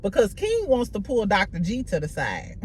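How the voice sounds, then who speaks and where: Woman, gossipy reality TV recap, profane casual chat, lively swooping pitch, mid-range voice. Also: normal speed, a little hiss or hum. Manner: gossipy, profane, animated storytelling with laughs.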